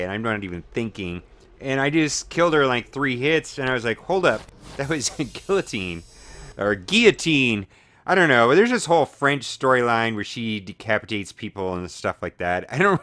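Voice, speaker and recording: A man's voice: mid-range voice, fairly bright tone. A man hosting a mobile game video, giving casual, rambling, self-deprecating commentary while he plays. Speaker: mobile gaming video host.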